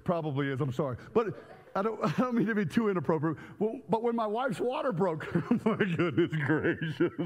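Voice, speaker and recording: A man preaching a sermon to a church congregation, telling comic stories with loud outbursts. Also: sits high, fast talker, long reverb tail. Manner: animated storytelling with comic outbursts. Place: church sanctuary.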